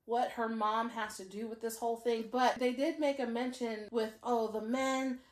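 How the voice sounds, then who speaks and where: A woman with a fairly high voice recaps a TV drama in casual chat, animated and quick to act out what the characters say. She sounds like she is in an echoey room. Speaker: podcast co-host.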